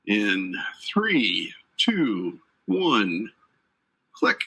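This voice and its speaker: A man's voice: on the low side, big pitch swings, drawn-out words, sharp tone, breathy edge, rough recording. A man instructor giving a live online training lecture, chatty and joking with his audience between points. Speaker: certification exam instructor. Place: based in Atlanta.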